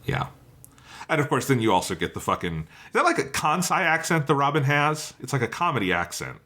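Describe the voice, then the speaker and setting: A man's voice: mid-range voice, very animated, brisk, pushed and bright. A man co-hosting a podcast, talking about a story with enthusiasm and casual swearing, often laughing. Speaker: podcast co-host. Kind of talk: casual review chat.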